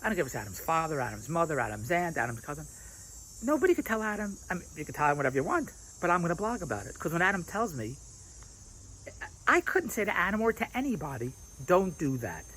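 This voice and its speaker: A man's voice: a little high, sing-song, fast, pushed and bright, a little hiss or hum, rough recording. A man vlogging outdoors at a restaurant, rambling and repeating himself, laughing at his own points, with insects chirping behind him. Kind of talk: rambling casual vlog monologue. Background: crickets and insects.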